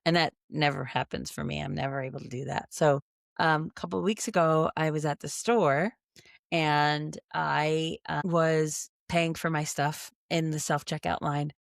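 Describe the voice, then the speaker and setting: A woman's voice: sits low, fairly even intonation, moderate pace, creaky, dry recording, clean studio sound. A middle-aged woman co-hosting a podcast, telling a story in casual chat and acting out both sides of the conversation. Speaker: podcast co-host.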